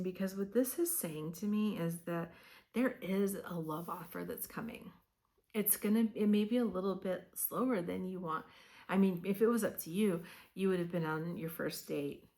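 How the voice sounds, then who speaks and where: A woman with a slightly low voice talks through a tarot reading in a casual, conversational way. She leans on fillers and coaches the listener in an encouraging tone. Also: a little mellow. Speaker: tarot reader.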